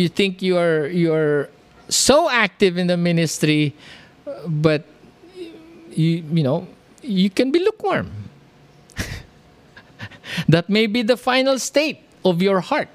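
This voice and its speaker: A preacher delivering a sermon, reading scripture verses slowly and with lifted emphasis, then explaining them with rhetorical questions and asides to the congregation. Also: mid-range voice.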